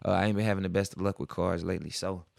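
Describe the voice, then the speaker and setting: A young man spins a rambling road-trip story on his podcast, his voice low and gravelly. He talks in loose slang, jumping into other people's voices as he goes. The sound is dry and close, with no room around it. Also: rapid-fire, dry recording. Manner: slangy, animated, acts out quoted voices. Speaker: podcast host. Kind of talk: casual storytelling.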